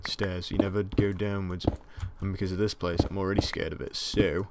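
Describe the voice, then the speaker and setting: A young man giving casual commentary on a game he plays, easily startled, yelping and shouting in panic. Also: deep voice, flat delivery, a little fast. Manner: jumpy, easily scared, yelps and shouts in panic. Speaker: gaming channel host. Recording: loud keyboard clicks and noise.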